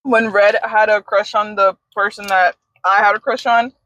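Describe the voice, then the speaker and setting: A woman's voice: mid-range voice, steady tone, normal speed, a bit bright, no room sound. A young woman chatting casually in a parked car, reacting to stories and adding her own. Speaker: co-host. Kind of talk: casual gossip chat.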